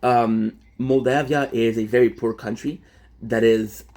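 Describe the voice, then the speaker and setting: A man's voice: mid-range voice, fairly even intonation, a little slow, darkish tone. A young French-Canadian man, native French speaker, rambling casually on a live stream and answering chat with many fillers. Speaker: livestreamer.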